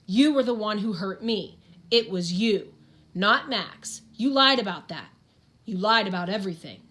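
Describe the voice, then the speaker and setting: A woman's voice: mid-range voice, animated, normal speed, fairly bright tone, lightly acted. A woman voicing a wary, accusing young girl. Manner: accusing, rising firmness. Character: quiet, wary young girl confronting her abuser.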